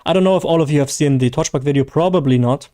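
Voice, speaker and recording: A man's voice: a little high, quick pace, mellow, dry recording, clean studio sound. A man from Germany with a German accent, hosting a casual live gaming stream, hesitant and self-deprecating with many fillers and restarts.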